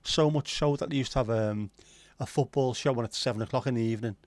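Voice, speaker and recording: Male stream host, mid pitch, dry close sound, loose sweary banter. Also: fast talker, no room sound. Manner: chatty, sweary, banter-filled. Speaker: livestream host. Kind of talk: casual chat reading viewer comments.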